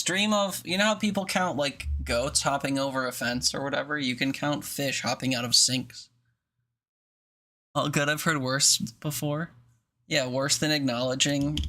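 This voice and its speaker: A man's voice: a little high, bright, forceful tone. A man streaming games and chatting casually with his viewers, rambling and joking and making little mouth sound effects. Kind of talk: casual live-stream chat.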